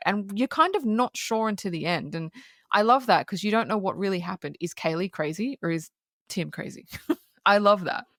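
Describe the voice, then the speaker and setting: Chatting casually as a podcast co-host, a woman reviews a movie and laughs a lot. Her medium-pitched voice is expressive and a bit bright, at normal speed, on a dry, clean studio recording.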